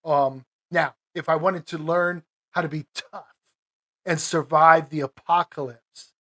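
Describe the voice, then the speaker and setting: A man's voice: fairly high pitch, steady tone, a little slow, sharp tone. A man hosting his own podcast, talking casually and rambling with lots of fillers, restarts and little chuckles. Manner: chuckles between phrases. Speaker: podcast host. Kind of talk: casual solo podcast monologue.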